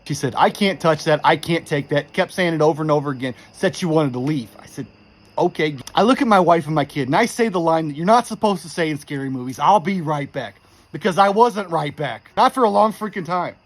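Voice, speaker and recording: A man telling a creepy true story in a casual, animated way, quoting the people in it with exasperation. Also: fairly high pitch, a little fast. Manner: animated, exasperated retelling with quoted dialogue.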